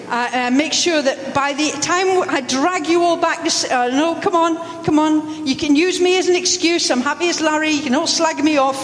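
Lively woman minister, echoey hall. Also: high-pitched, slight background noise. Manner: lively, playful, acts out examples. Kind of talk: sermon with audience participation. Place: church hall.

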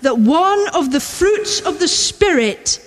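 A high-voiced woman delivers a sermon at an unhurried pace, repeating key lines for weight. Her voice rings out with the long reverb of a large church. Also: expressive. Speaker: preacher.

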